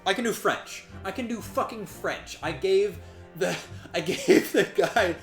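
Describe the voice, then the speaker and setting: Guy reading a game out loud, does voices, laughs n swears a lot, echoey room. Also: sits high, a little slow, soft background music. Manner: animated, swearing, laughing and groaning; puts on character voices and accents while reading. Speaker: let's play streamer. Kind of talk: voicing a game aloud with his wife.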